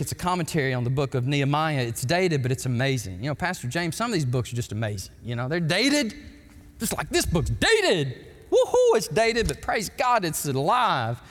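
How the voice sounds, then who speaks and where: A man pastor preaching a sermon in a church, emphatic and storytelling, with sudden excited quotations. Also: fairly high pitch, a little fast. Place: church sanctuary. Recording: long hall reverb.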